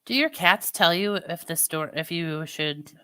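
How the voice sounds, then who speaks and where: Bright-voiced chatty woman streamer. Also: fairly low pitch, a little slow, clear, resonant tone. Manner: chatty, laughs often, storytelling. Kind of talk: casual chat.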